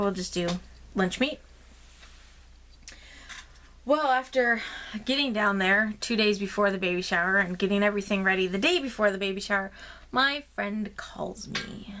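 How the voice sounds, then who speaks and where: Woman vlogger just chatting, lots of ums, rambly and expressive, normal pitch. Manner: chatty storytelling with many fillers. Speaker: craft vlogger. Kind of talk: casual chat.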